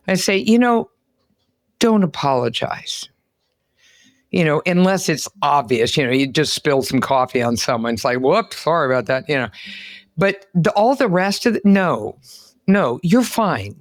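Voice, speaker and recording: Animated woman podcast host. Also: sits low, dry recording, studio quality. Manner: animated, exclamatory storyteller. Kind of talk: lively interview chat.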